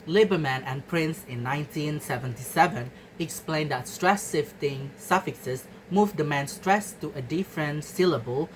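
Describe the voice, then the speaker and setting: Young woman, low voice, student presentation, careful repeated words, faint noise behind. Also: rough recording. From Indonesia. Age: young adult. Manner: careful, repeats example words to mark stress. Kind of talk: class presentation on word stress.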